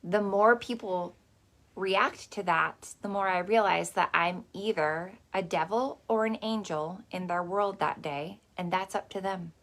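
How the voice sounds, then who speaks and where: A woman's voice: lowish voice, unhurried, a bit bright. A woman hosting a motivational masterclass in a casual, chatty, salty way, dropping lots of "like" and "okay". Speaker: host.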